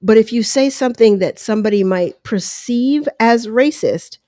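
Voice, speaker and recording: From home, a podcast host with a fairly high, warm voice shares her opinions at normal speed in casual solo commentary. She talks through ideas conversationally, with asides and quoted voices. The sound, captured on headphones and a close mic, is clean and studio-like with no room sound; a dog laps water in the background.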